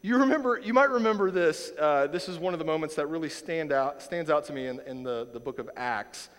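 A man's voice: on the high side, brisk. A man preaching a sermon as pastor, earnest and emphatic, often repeating lines for stress. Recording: long hall reverb.

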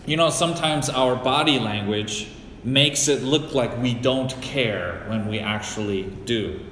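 A middle-aged man from the US Great Lakes region preaches a sermon, taking his time over every phrase. His storytelling is deliberate, and he weaves in anecdotes from his own life. His voice rings out in a roomy hall with a long reverb tail, over a faint hum of background noise. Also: mid-range voice, fairly bright tone. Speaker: pastor.

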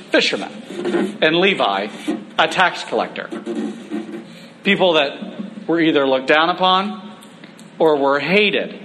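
Man, preacher, sermon, conversational, humorous, emphatic slowdowns, faint background ambience. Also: a little high, sharp tone, slight background noise.

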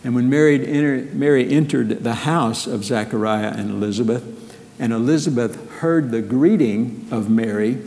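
A man preaching a sermon as pastor, measured and earnest, asking rhetorical questions of his congregation. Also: mid-range voice, vocal fry, warm tone, big-room sound.

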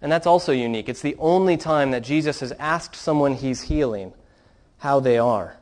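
A man preaching a sermon in an earnest, steady way, telling stories to his congregation. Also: mid-range voice, normal speed. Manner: earnest preaching, reads quoted account with rising fervor. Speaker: pastor.

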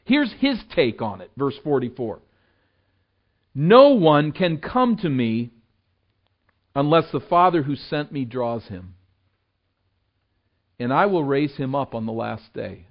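A man preaching a sermon as a pastor, building emphasis on scripture and dropping low and soft for earnest appeals. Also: big pitch swings, slow, long pauses. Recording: dull lo-fi sound.

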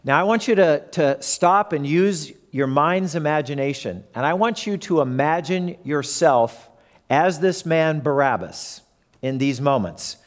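A man's voice: a little high, animated, unhurried. A man preaching a sermon who retells the story and acts out the crowd and characters.

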